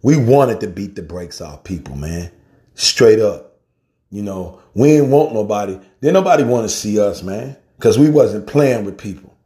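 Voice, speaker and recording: Middle-aged guy, lowish voice, slangy heartfelt tribute, calls you family, lively then quiet. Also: moderate pace. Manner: casual and slangy, calls the listener family and man; animated storyteller, softens when grieving. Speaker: guest speaker.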